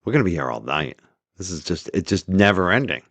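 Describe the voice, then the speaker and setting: Chatty New guy, deep voice. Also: very animated, brisk, gravelly, dry recording. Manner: chatty, laughs easily, trails off quietly. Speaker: livestream host reading super chats. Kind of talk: casual livestream chat.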